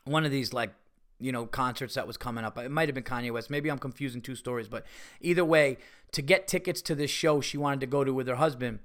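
A man hosting a podcast, telling rambling stories in casual chat. He swears often and gets loud and excitable. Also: medium pitch, fast talker. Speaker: podcast host and comedian. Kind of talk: casual storytelling monologue.

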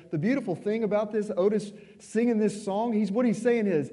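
A man preaching a sermon in a conversational, emphatic way, dropping suddenly quiet at moments. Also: sits high, a little fast, few pauses, long reverb tail. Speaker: pastor.

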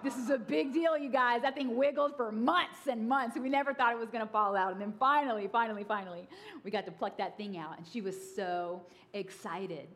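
A woman's voice: fairly high pitch, fairly quick. A woman in her thirties preaching a sermon, telling funny stories and acting out voices. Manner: lively, humorous, acts out voices. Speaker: pastor. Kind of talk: sermon with storytelling.

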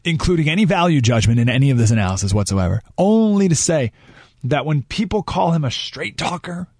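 Animated, emphatic male radio host. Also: a little high, brisk, breathy edge, no echo, clean studio sound. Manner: emphatic, animated, rhetorical questions. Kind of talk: talk radio commentary.

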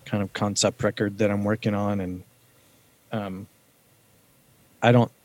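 A man's voice: on the low side, dry recording. A man, a counselor, talking easily as a guest in a casual chat.

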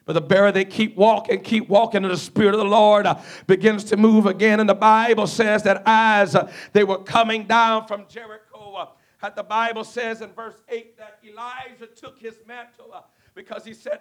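A man's voice: sits high, steady tone, moderate pace. A man preaching a sermon as a guest preacher, telling a Bible story and acting out its dialogue. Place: church before a congregation.

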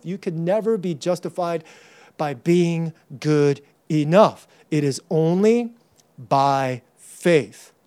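A man preaching a sermon as pastor, animated, acting out voices and shouting for emphasis. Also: high voice.

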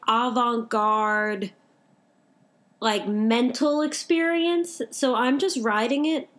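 A young woman with a high voice talks anime as a co-host, gushing freely. She strings her thoughts together with "like" in a loose, casual chat. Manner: gushing, heavy use of "like". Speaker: podcast co-host.

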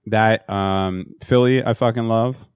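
A man's voice: lowish voice, steady tone, slow pace, smooth, no echo. A man in casual chat, giving blunt opinions and dry reactions with some swearing.

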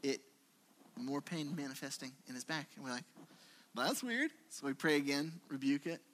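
A man's voice: mid-range voice, fairly quick. A man preaching a conversational sermon in a church, telling stories and acting out quotes. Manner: conversational, animated storytelling with acted-out quotes. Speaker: pastor.

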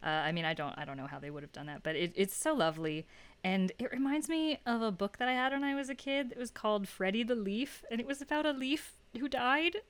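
A woman's voice: on the high side, brisk, smooth. A woman co-hosting a podcast, chatting about a film in a reflective, laughing way. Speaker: podcast co-host. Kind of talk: casual film discussion.

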